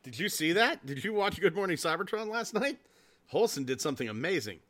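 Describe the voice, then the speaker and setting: Podcast co-host, man in his forties, bright and excitable, swears a lot, a bit high. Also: fairly quick. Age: 40s. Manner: excitable, swears freely, loud laughs. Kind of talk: casual chat.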